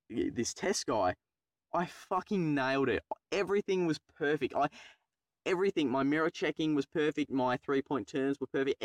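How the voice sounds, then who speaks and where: Young man, Australian accent, casual storytelling, swears a lot, mid-pitched voice, dry close sound. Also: no echo. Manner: rambling, profane, self-mocking. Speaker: YouTuber telling a personal story.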